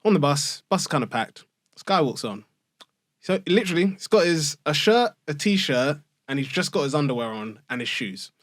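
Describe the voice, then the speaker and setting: A man's voice: fairly high pitch, normal speed, no room sound, clean studio sound. A young man chatting casually on a podcast, telling stories with lots of fillers and frequent laughs. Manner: animated storyteller, filler-heavy, laughing often. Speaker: podcast guest or host. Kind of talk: casual chat.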